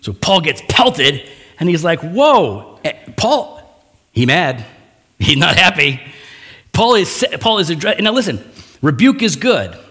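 A man preaching a sermon with a somewhat high voice that swoops up and down a lot. He talks casually, tossing in slang and asides, and acts out the scripture quotes with rising energy. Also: a little slow, long pauses, breathy edge. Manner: animated, acting out biblical quotes in raised voice. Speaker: pastor.

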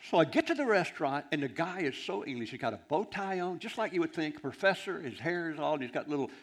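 Animated rambling male preacher. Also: fairly high pitch, fast. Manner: animated, rambling storyteller with laughs and asides. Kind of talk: storytelling sermon.

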